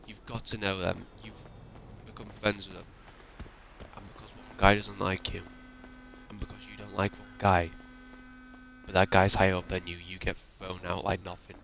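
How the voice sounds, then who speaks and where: A man rants to his viewers, upset and emotional, swearing freely. His voice sits low and gravelly, with a bright, forceful edge. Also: little pitch movement, unhurried, slight background noise. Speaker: YouTuber. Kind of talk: ranting monologue.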